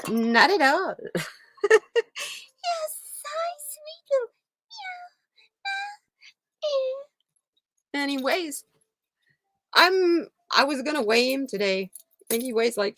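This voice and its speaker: A woman's voice: mid-range voice, a bit bright, dry recording. A woman hosting a casual chat stream from her home, rambling and laughing often. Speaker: channel host. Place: home room with a heater.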